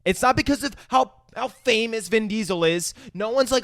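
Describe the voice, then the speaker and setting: A man's voice: sits high, moderate pace, a bit bright, no echo, studio quality. A man co-hosting a podcast, chatting casually about a movie with loose, profane, laughing banter. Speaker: podcast co-host. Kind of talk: casual movie review chat.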